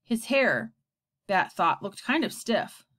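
Reading slowly in a fairly high voice, a woman narrates a children's book with plenty of expression.

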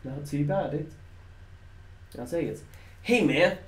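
A man's voice: fairly high pitch, lively intonation, slow. A man from the Netherlands, a native Dutch speaker, commenting casually on live gameplay, bantering with chat and swearing now and then. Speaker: game streamer. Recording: roomy echo, faint background noise.

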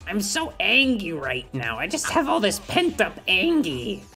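A woman's voice: medium pitch, wildly swooping pitch, measured pace. A woman co-hosting a game playthrough, joking and swearing playfully in casual chat. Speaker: let's play co-host. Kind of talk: casual comedic gameplay chat.

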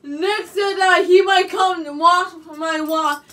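A young woman chatting to camera from her bedroom in a very high, bright voice. She rambles and circles back, tossing "you guys" into nearly every phrase. Her voice sits a little away from the mic. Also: steady tone, slow pace, far from the mic. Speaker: vlogger. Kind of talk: casual chat to camera.

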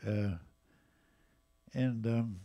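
A man in his eighties with an English accent, casually telling jazz stories at a live museum event, lively and animated in his retelling. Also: on the low side, drawn-out words, muffled recording. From England. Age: 80s. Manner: lively, animated retelling with raised voices for quotes. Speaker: jazz drummer and storyteller guest. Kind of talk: casual anecdotal storytelling.

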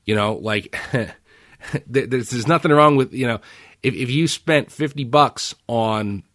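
A man hosting a podcast, chatting casually and telling animated stories with swearing and acted-out quotes. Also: mid-range voice, measured pace, no echo, studio quality. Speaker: podcast host. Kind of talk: casual chat.

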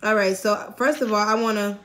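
A young woman from Massachusetts chatting casually on a phone video app, slangy, profane and quick to giggle. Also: medium pitch, fairly even intonation, fairly bright tone, a little hiss or hum. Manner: giggly, slangy, profane, talks straight to viewers. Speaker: vlogger.

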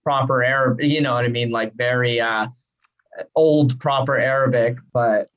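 A man's voice: medium pitch, steady tone, moderate pace, fairly bright tone, highs cut off. An American man, a stand-up comedian, chatting playfully as a podcast guest, laughing often and filling with "like". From United States, family from Yemen. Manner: laughing, playful, uses lots of "like". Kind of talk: casual interview chat.

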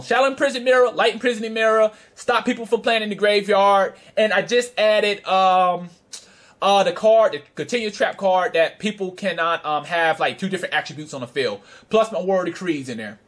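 A man's voice: high-pitched, fairly bright tone. A man casually telling a story in a vlog, brash and profane, with frequent laughter and trash-talk. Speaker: card game player recounting a tournament.

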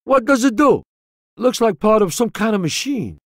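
Swaggering new gangster from a video game, cusses nonstop, high voice that jumps around a lot, bone dry studio sound. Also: male voice, sing-song, normal speed, a bit bright, no room sound. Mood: gruff. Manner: gruff, swaggering, swears constantly. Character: tough-talking male mobster convict, profane and brash.

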